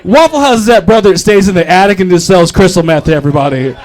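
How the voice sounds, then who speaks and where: A man's voice: high-pitched, expressive, quick pace, a little mellow. A young man from North Carolina doing a rambling, profane, self-mocking stand-up set at an open mic, often laughing at his own jokes. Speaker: stand-up comedian. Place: open mic comedy club.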